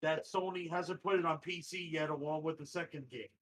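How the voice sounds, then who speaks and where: A man hosting a gaming channel, chatting excitedly and swearing casually during a live reaction stream. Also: fairly high pitch, a little fast, slight background noise. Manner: excitable, profane, reads news aloud.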